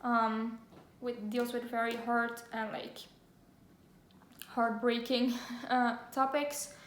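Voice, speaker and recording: A young woman vlogs a book haul in a level, somewhat high voice at a slow pace, gushing and giggling with plenty of fillers as she reads back-cover blurbs aloud. The room is echoey, with faint ambience.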